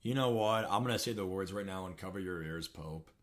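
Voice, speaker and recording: A young man streaming a football video game rants and swears in frustration as he plays, giving live commentary. His voice is deep yet fairly bright in tone, and he talks a little fast.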